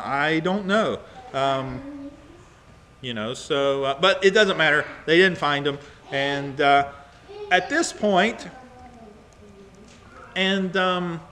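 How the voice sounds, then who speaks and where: A man teaching a Bible study, talking haltingly with many fillers and acting out the verses he reads. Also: fairly high pitch, pushed and bright, slight background noise.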